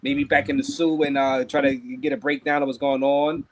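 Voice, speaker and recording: A man's voice: mid-range voice, little pitch movement, moderate pace. A man hosting a casual livestream, thanking viewers and stumbling over repeated words while he drinks. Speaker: livestream host.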